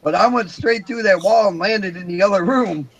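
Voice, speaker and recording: Man with a fairly high voice, plain storytelling. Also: moderate pace, lo-fi sound. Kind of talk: casual storytelling chat. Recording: faint background noise.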